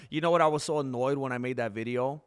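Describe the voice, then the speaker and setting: A man hosting a live stream in casual chat, rambling candidly and jumping into high, excited bursts when he thanks viewers. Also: brisk, clear, resonant tone.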